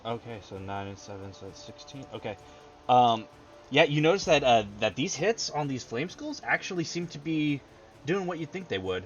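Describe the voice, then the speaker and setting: A man's voice: medium pitch, lively intonation, moderate pace. Laid-back male game master, lo-fi stream. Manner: laid-back, laughs often, many fillers. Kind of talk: narrating a tabletop game. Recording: dull lo-fi stream audio with faint music.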